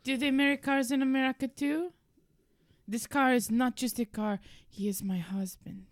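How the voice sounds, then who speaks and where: A woman's voice: high-pitched, steady tone, normal speed, no echo, clean studio sound. Brief: eccentric Italian woman with a put-on accent, earnest and absurd, played by a woman in an improv scene. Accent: fake Italian accent. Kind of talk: improvised comedy role-play.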